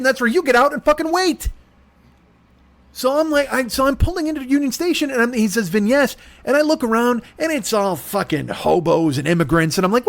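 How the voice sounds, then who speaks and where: A man with a high, very lively voice rants through a comic story, cursing freely and playing out both sides of each exchange. His exasperation carries every line, and the studio sound is close and dry. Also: dry recording. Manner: profane, exasperated, acts out both sides of conversations. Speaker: podcast host. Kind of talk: comedic ranting story.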